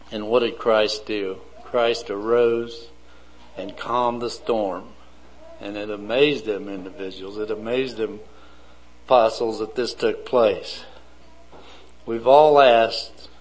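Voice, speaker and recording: A man preaching a sermon slowly and deliberately, building his points in lists. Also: fairly low pitch, rough recording.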